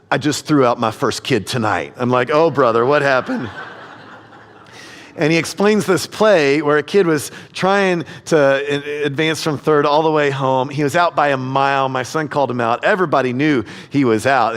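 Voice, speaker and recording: Middle-aged guy preaching, voice a bit high, long church echo, cracks jokes and acts out quotes. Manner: storytelling with humor, acts out quotes. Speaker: guest preacher. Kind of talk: sermon.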